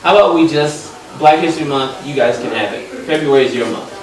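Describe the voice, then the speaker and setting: A young man from Los Angeles doing a stand-up comedy set, loud on punchlines and dropping low for asides. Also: fast. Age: young adult. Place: comedy club stage. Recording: echoey live room, mic far off, crowd laughter.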